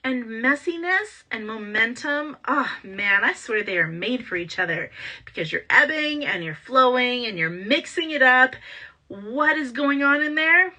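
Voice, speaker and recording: A woman hosting a motivational talk, energetic and full of rhetorical questions. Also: a little high, unhurried. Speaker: podcast host and entrepreneur coach.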